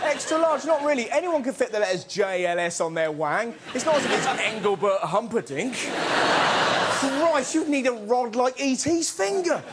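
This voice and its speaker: A man hosting a topical comedy show, cheeky and excitable, shouting out his punchlines. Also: very high voice, moderate pace, heavy background noise. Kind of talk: stand-up topical comedy monologue.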